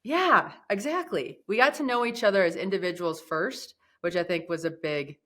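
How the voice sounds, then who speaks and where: A woman's voice: lowish voice, expressive, normal speed, sharp tone. A woman hosting a podcast interview who sounds effusive and enthusiastic. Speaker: podcast host. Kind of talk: casual interview.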